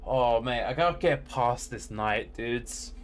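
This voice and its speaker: This streamer, an Englishman, talks to his chat in a relaxed way as he plays, filling gaps by humming little tunes. His voice is mid-range and unhurried, with a slight hiss or hum on the recording.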